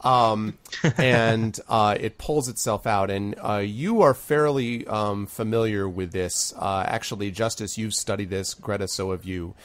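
A man's voice: on the low side, unhurried, a bit bright, no echo. A man running a tabletop game on a stream, narrating scenes with plenty of fillers and restarts. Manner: rambling, filler-heavy narration. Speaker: game master.

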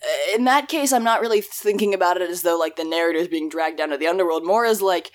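A young woman co-hosts a relaxed podcast, musing over song lyrics in a loose, rambling way. Her voice still carries a rough morning edge. She laughs at herself and wanders off topic. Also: on the low side, fast. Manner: rambling, self-deprecating, laughs often. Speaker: podcast co-host. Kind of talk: casual chat about song lyrics.

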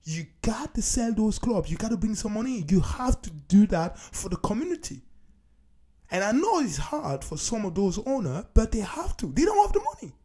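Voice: medium pitch, big pitch swings, moderate pace, warm tone. A talk show host giving a solo opinion monologue and talking emphatically, hammering points home by repeating key phrases. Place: based in Scotland.

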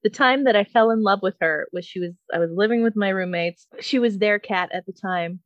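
A woman's voice: mid-range voice, a little fast, no echo, dull audio. A woman co-hosting a casual podcast, rambling, swearing freely and laughing often. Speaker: podcast co-host. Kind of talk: casual chat.

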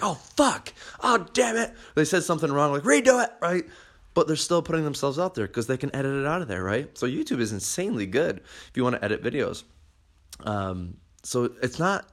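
A man's voice: medium pitch, fairly bright tone. A young man hosting a podcast, talking bluntly and animatedly, swearing freely as he gives motivational advice. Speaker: podcast host.

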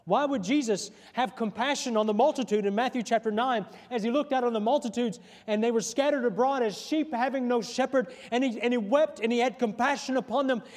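Man, pastor, sermon, high voice, rhetorical questions, trailing soft endings, church hall reverb. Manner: preaching with pauses and repeated rhetorical questions, voice dropping soft at line ends. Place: church sanctuary.

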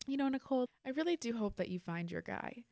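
A young woman voicing a well-meaning brother-in-law who sounds earnest and worried. The pitch rides well above her usual talk, and it's a little louder. The recording is close and dry. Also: lively intonation, quick pace, no echo. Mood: concerned.

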